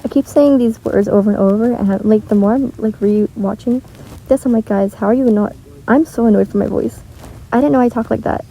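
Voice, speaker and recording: A woman's voice: fairly high pitch, mellow, rough recording. A teenage girl chatting casually while gaming, rambling with lots of filler words, recorded on earbuds in a shared bedroom. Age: teens. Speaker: gaming vlogger. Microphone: wireless earbuds.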